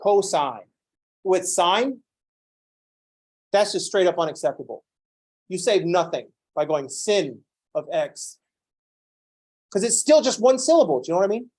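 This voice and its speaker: A man teaching a calculus class who lectures in an animated, playfully ranting way. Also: high voice, a little slow, long pauses, husky. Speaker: calculus instructor.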